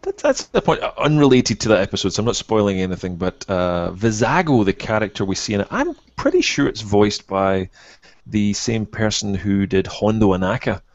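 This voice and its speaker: Gravelly low-voiced man on a podcast. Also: sing-song, dry recording, dull audio. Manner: enthusiastic, quick to praise. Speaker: podcast co-host. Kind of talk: casual podcast chat.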